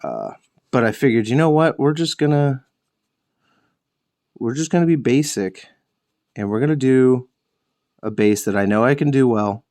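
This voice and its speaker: A man's voice: mid-range voice, moderate pace, long pauses, a little mellow. A young man hosting a miniature painting show, chatting casually while he paints, rambling, correcting himself and joking with the odd curse. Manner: rambling, self-correcting, jokey with swearing.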